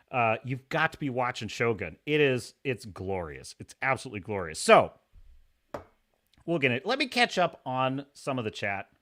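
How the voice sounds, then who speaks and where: A man's voice: mid-range voice, fairly bright tone. A man hosting a casual livestream, talking animatedly, laughing often and reading chat comments aloud. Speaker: livestream host.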